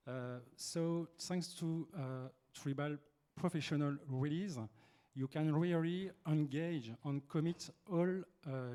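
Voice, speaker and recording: A man with a French accent presenting on a business panel, speaking halting English as he searches for words. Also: mid-range voice, mellow.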